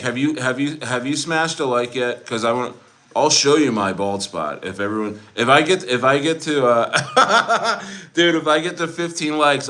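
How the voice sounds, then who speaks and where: Young man, casual livestream host, bright and forceful tone, joking, rambling, laughs a lot. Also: mid-range voice. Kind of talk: casual livestream chat reading viewer comments.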